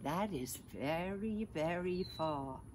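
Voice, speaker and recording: An older woman reading aloud, voicing a gentle, fond grown male hare from a picture book, in a hushed, unhurried way. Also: on the low side, animated, slight background noise.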